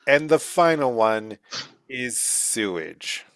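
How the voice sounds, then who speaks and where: Man, improv announcer, slow deliberate pace, dry close sound, wry. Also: medium pitch, expressive, fairly bright tone, dry recording. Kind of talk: improv comedy game.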